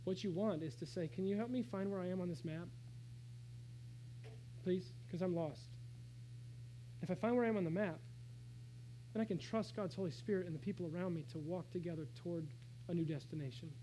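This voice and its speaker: A man preaching a sermon, shifting between hushed, slow phrases and raised, emphatic calls. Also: high-pitched, slight background noise, rough recording. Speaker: pastor.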